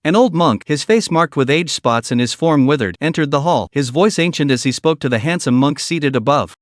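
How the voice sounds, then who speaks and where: A man reads a fantasy recap in a dramatic, scripted storytelling style. His voice sits a little high for a man and swings widely in pitch, and the recording is dry and close. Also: animated, brisk, no room sound. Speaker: narrator. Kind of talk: scripted narration.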